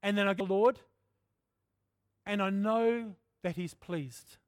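A middle-aged man preaching a sermon in a candid, conversational way, often clearing his throat. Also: sits high, slow pace, no echo, clean studio sound. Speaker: pastor.

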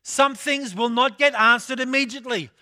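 An older man from England delivering a sermon in a strikingly high voice with a bright, ringing tone. He builds his points by repeating key phrases and drifts easily into personal stories. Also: fairly even intonation, moderate pace. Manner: storytelling, repeats phrases for emphasis. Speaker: preacher.

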